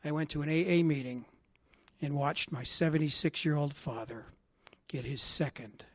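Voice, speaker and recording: A man from Canada gives a recovery talk in a fairly high voice, heartfelt and earnest. He drops to near-hushed tones and then swells to loud emphatic lines. The sound is close and dry, with no room around it. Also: moderate pace, no echo. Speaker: recovery meeting speaker. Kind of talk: personal testimony talk. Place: assembly hall.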